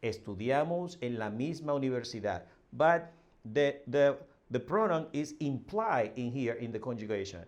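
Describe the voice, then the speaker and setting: A man's voice: medium pitch, expressive, normal speed. A male language teacher explaining a dialogue, reading lines aloud and translating them, with many fillers and restarts. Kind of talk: spoken language lesson.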